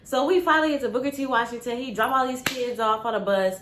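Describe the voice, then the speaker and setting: A young woman vlogger telling a casual, animated story with lots of slang. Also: fairly high pitch, fast talker, a little hiss or hum. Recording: roomy with faint ambience.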